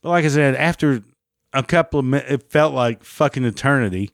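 A man tells his story in a heated, profanity-laced rant, still angry long after the fact. His voice sits mid-range but jumps higher as he relives it. The sound is dry and close, with no room around it. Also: a little fast, gravelly, no echo. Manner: heated, heavy swearing, rising pitch when agitated. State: still angry about the event.

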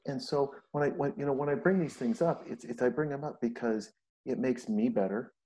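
Animated middle-aged man, dark voice. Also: medium pitch, a little fast. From Montana. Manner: animated storyteller, acts out quotes. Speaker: podcast host. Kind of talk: casual chat.

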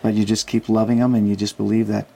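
A man guest in a casual interview, telling animated stories and acting out the people he quotes. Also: fairly low pitch, fast, vocal fry. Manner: animated anecdotes, acts out quoted voices. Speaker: guest, Christian outreach worker. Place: Salt Lake City.

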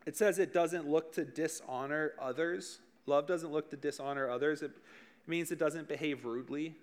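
Man, youth pastor, casual sermon, joking, talks right to the room, slightly raised pitch. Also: moderate pace. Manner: joking, conversational, addresses the room directly.

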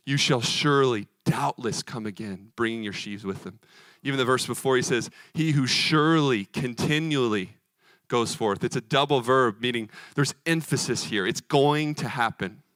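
A male preacher delivers a sermon in an earnest, emphatic way, driving points home through rhythmic repetition. His voice sits at an ordinary middle pitch. The sound is close and dry, with little room echo. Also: moderate pace, fairly bright tone.

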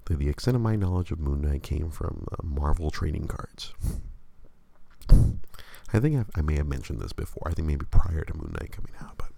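A man's voice: extremely low pitch, expressive, fairly quick, vocal fry, warm tone, no room sound. A man hosting a show, chatting casually and rambling with many stammered restarts. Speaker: podcast host. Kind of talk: casual chat.

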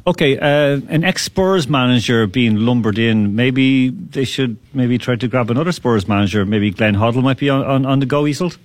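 A man hosting a casual sports chat, brisk and quick to laugh as he steers the talk. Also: mid-range voice, no room sound, soft background music. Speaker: host.

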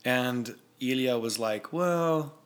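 A man's voice: mid-range voice, slow. Easygoing man recounting a trip. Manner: relaxed, chatty, laughs easily. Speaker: guest, music video director. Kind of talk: casual chat.

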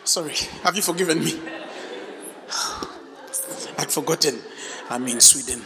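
A man preaching a charismatic sermon, emphatic and animated, breaking into shouts and asking the congregation questions. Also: a little high, fast talker, noisy background. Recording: echoey hall.

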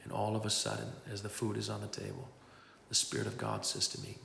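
A man's voice: on the low side, steady tone, a little fast, vocal fry, a bit bright, slight background noise. A man preaching a testimony, telling his story and acting out the voices of the people he quotes. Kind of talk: testimony sermon. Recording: echoey hall.

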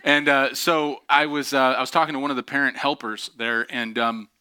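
Bright, dry-voiced casual male pastor. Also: medium pitch, fairly even intonation, normal speed, smooth, no echo. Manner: casual, self-deprecating, many fillers. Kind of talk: sermon storytelling.

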